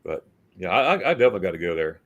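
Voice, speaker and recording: A man from the United States chats casually as a livestream host. His voice sits low, and he tells his stories loosely, stumbling over repeated words and playing out the lines of the people in them. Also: sing-song, very fast, muffled recording. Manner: storytelling, repeats words, acts out quotes.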